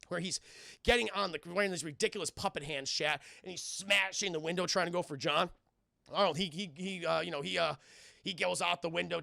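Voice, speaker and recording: A man excitedly retelling a film scene by scene to his stream chat, swearing freely and briefly acting out the characters' lines. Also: fairly high pitch, vocal fry, dry recording, studio quality. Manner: excitable, swears, acts out lines in quick voices. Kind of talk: casual scene-by-scene recap.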